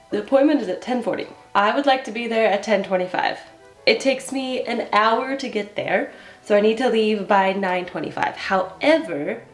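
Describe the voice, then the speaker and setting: A woman's voice: mid-range voice, echoey room. A woman in her thirties chatting casually in a get-ready-with-me vlog, rambling and poking fun at herself while she gets ready at home. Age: 30s. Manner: chatty, self-mocking, rambling. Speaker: vlogger and kitten foster.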